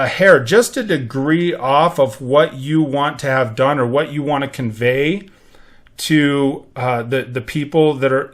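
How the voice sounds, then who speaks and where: A middle-aged man hosting a podcast, talking casually about leadership, rambling with many restarts and acting out quoted chatter. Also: on the high side. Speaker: podcast host. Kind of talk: casual motivational monologue.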